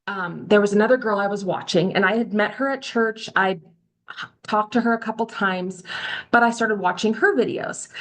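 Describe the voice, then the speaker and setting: A middle-aged woman coaching a live online training, telling candid, chatty stories with lively quoted voices. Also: medium pitch. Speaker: social media coach. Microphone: video call.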